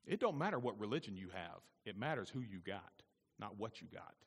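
A man's voice: lowish voice, sing-song, brisk, creaky, breathy edge. A male pastor preaching a sermon with emphatic repetition to his congregation. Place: church sanctuary. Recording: long reverb in a church hall.

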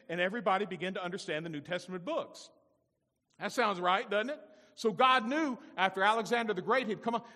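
A man preaching a sermon as a pastor, animated, full of rhetorical questions to the congregation. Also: high-pitched, big-room sound.

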